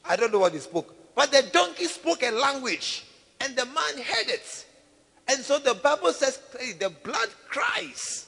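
A man preaches an emphatic sermon, peppering the congregation with questions. His voice sits very high and rings bright and piercing, with a long reverb trailing behind it in a church hall. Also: lively intonation, moderate pace, vocal fry, slightly rough.

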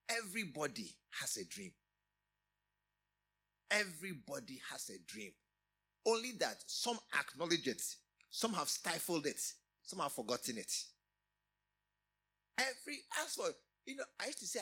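A middle-aged man preaching a sermon, emphatic, often repeating and restarting phrases with sudden rises in loudness. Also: a little high, very animated, normal speed, breathy edge. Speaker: pastor.

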